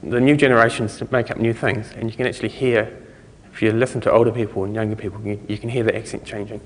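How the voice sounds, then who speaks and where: A man's voice: on the low side, steady tone, fast talker. A man with a New Zealand accent giving a conference talk in a loose, rambling way, with many fillers, restarts and chuckling asides. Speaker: conference speaker. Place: lecture hall. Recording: lecture hall with long reverb.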